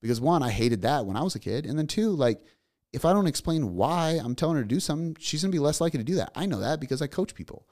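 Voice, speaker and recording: A man's voice: fairly high pitch, lively intonation, quick pace, a little mellow. A man in his thirties hosting a solo motivational podcast, talking bluntly and emphatically in repeated lists, with casual swearing. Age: 30s. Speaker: podcast host.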